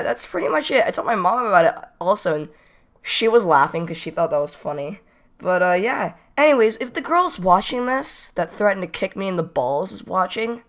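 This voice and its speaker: A teenage boy casually telling a story from school, rambling and repeating himself as he goes. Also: high voice. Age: teens. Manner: rambling, repeats "not even kidding". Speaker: storytime vlogger.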